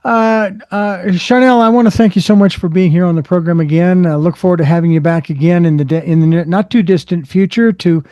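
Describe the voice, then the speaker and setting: A man's voice: sits high, fairly even intonation, fairly quick, few pauses, mellow, dry recording, lo-fi sound. A man hosting a podcast interview, giving short affirmations and thanking his guest at the close. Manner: brief affirmations and a friendly sign-off. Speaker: host.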